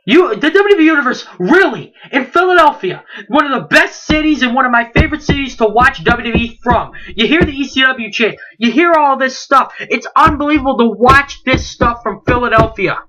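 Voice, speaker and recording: Late teens, wrestling vlogger, heated rant, rhetorical questions, high pitch, bright edge. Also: expressive, a little fast, few pauses. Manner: indignant, rhetorical questions, repeats himself.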